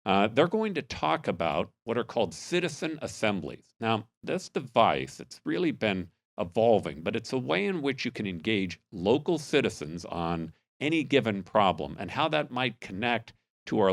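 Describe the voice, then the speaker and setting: A man's voice: on the low side, moderate pace, creaky, no echo. A man hosting a podcast, giving an earnest, upbeat intro and then interviewing his guests. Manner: earnest, patriotic, animated. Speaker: podcast host.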